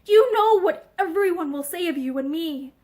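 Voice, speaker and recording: A woman reading aloud voices a gentle man who speaks slowly and earnestly, held back by feeling. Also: very high voice, expressive. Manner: slow, labored, earnest. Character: plain-faced man, gentle and restrained.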